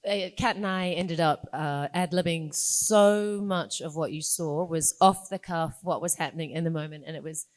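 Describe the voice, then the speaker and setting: A woman's voice: low voice, normal speed, few pauses. A woman speaking as a guest on a convention panel, joking and cutting herself off, in casual chat. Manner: joking, self-interrupting.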